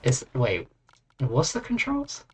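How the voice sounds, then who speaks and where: A young man playing a game on stream, casually commenting in a puzzled, deadpan way and muttering to himself. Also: medium pitch, slow, slight background noise.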